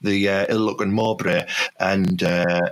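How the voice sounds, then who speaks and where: Man, podcast host, rambling comic banter, low pitch. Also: level tone, measured pace, slight background noise. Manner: rambling, lots of fillers and restarts. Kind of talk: improvised comic chat.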